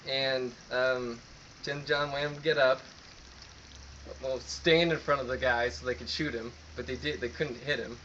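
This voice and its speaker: A man giving a spoken eulogy at a memorial, halting and earnest with many restarts, recorded on a phone. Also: medium pitch, fairly even intonation, bright, forceful tone, highs cut off, a little hiss or hum. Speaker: speaker at a memorial. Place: memorial gathering indoors. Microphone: phone recording from the audience.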